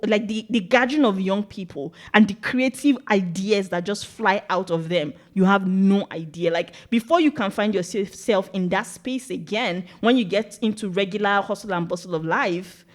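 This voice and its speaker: A young woman from Nigeria with a Nigerian accent talks as a podcast guest. Her storytelling is animated and she laughs easily as she goes. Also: mid-range voice, fairly quick. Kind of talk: casual chat.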